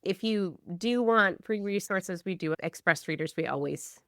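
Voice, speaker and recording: An American woman guest on a podcast, upbeat and quick to laugh. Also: medium pitch, a bit bright, no echo, studio quality. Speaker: literacy advocate, guest. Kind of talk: casual podcast chat.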